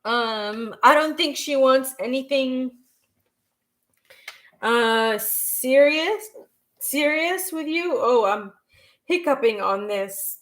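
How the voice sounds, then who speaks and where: A woman doing a live-stream tarot reading, reading chat questions aloud and answering them in a halting way, with frequent restarts. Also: sits high, expressive, fairly bright tone, rough recording. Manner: slow and unhurried. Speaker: tarot reader.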